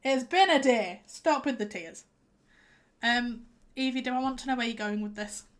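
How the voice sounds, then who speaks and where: A woman's voice: fairly high pitch, normal speed. A young woman chatting casually while live-streaming a farming game, teary and stuffy-nosed from crying, rambling and reacting aloud as she plays.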